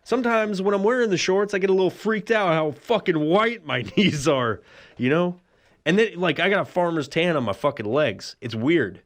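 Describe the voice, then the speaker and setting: A man's voice: sits high, animated, normal speed. A man hosting a solo podcast, telling a rambling, profane comic story and laughing often. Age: adult with a son. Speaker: podcast host.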